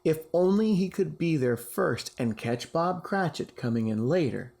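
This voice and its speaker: A teacher reading a classic story aloud to his class. His delivery is slow and very expressive, rising and falling widely, with a gravelly, somewhat husky voice. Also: fairly high pitch.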